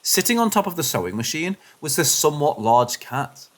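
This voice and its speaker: A man giving scripted, expressive narration of first-person paranormal stories, shifting his delivery with the suspense. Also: on the high side, a little fast. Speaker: story narrator.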